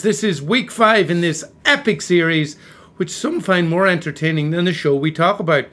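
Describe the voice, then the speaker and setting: A man from Cleveland co-hosts a playful review chat, hamming it up in an accent he has adopted for the show. His voice sits a little above the usual male pitch, and he talks with theatrical flair. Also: normal speed, fairly bright tone. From Cleveland, USA. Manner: theatrical, joking, puts on a Scottish-style accent. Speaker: co-host.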